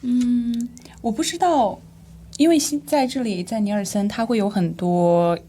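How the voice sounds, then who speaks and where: Mellow-voiced woman whose first language is Chinese. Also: a little high, normal speed, a little hiss or hum. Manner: soft backchannels, curious questions. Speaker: co-host. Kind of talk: casual bilingual chat.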